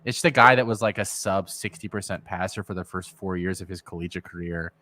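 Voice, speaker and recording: A man co-hosting a sports podcast over a video call, talking through player analysis in a relaxed way. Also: low-pitched, fast talker, no room sound. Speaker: podcast co-host. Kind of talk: casual chat.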